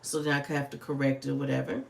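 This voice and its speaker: A woman's voice: extremely low pitch, little pitch movement, fast, gravelly, echoey room, a little hiss or hum. A woman, chatting casually and swearing freely on a livestream. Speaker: livestream host. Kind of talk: casual livestream chat while planning.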